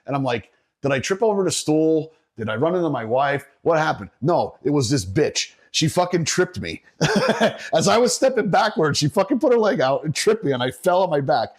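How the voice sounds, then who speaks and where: Profane, animated middle-aged man telling stories. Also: fairly high pitch, moderate pace. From Northeastern Pennsylvania. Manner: animated, profane, laughing while telling a story. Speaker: podcast guest, bassist. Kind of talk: casual storytelling.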